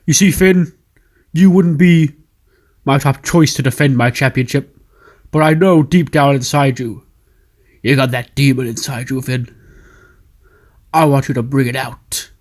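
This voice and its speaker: A blustering older boss of a wrestling company barks demands and threats, as a man acts him out. He talks in a bossy, pushy manner, with his pitch jumping up when he presses. It's a casual game-recap voice. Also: steady tone, a little slow, pauses often, close to an everyday voice. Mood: bullying.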